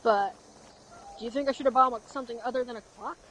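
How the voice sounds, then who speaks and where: A woman's voice: a little high, fast, fairly bright tone, a little hiss or hum. A woman streaming and chatting, telling blunt, crude stories about her old job. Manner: blunt, crude, laughing at her own story. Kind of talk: casual storytelling chat.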